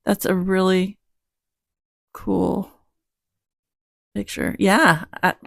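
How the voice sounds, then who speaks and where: A woman chats casually at a slow, unhurried pace, her voice slightly low with a gravelly fry. The sound is dry and close. She rambles, restarts her sentences and makes small self-deprecating asides as she hosts her own show. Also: no echo. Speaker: host of a Bible-reading channel. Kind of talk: casual chat.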